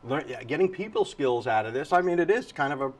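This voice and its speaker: A man's voice: fairly high pitch, animated, quick pace. Chatty male morning TV host. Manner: chatty, repeats guests' words back. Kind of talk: casual TV interview.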